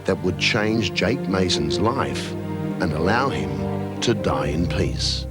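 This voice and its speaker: Very deep, slow documentary narrator man. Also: lively intonation. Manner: measured and solemn. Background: background music.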